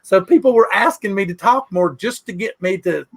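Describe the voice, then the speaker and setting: High, gravelly Southern-drawling man. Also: moderate pace, faint music behind. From Southwest Virginia, US. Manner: joking, storytelling, reads out chat. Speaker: podcast host. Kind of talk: casual live-show chat.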